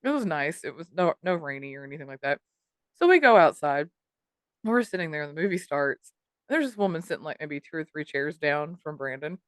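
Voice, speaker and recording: Lively woman podcast host telling a story, swears a lot, dry close mic. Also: low voice, brisk, no echo. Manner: animated storyteller, swears, mimics people she quotes. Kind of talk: casual chat, storytelling.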